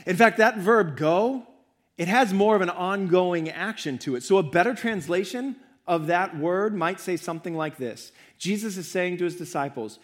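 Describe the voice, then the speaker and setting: A pastor, a young man, delivering a sermon in an earnest, repetitive style. His voice sits a little higher than most men's, and each point climbs as he stresses it again. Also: normal speed. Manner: earnest, repetitive preaching with rising emphasis. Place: church.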